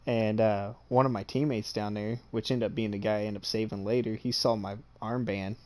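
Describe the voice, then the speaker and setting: A man's voice: lowish voice, fairly even intonation, brisk, darkish tone. A man casually telling a boastful, profane story from his own experience, often checking in with the listener. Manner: swears freely, checks in with "okay?"; boastful and amused. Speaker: streamer.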